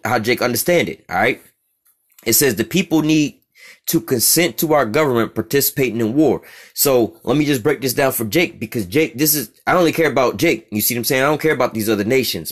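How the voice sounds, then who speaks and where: Man, religious teacher, rapid delivery, profane, blunt, reads and explains a text. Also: mid-range voice. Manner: blunt and profane, keeps asking "you see what I'm saying?".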